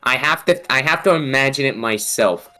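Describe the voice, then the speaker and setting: A man's voice: mid-range voice, expressive, normal speed, bright, forceful tone. Man rambling and swearing on a podcast. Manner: rambling, heavy swearing, self-mocking. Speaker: podcast co-host. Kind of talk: casual chat.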